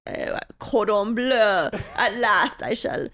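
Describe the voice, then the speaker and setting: A woman's voice: medium pitch, slow, a bit bright. A woman voicing a gluttonous male chef in a put-on cartoonish British accent, plummy and gloating.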